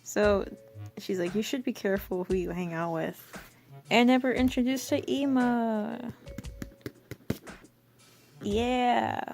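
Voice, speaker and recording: A young woman rambling through her old comic with self-mocking casual commentary. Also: medium pitch.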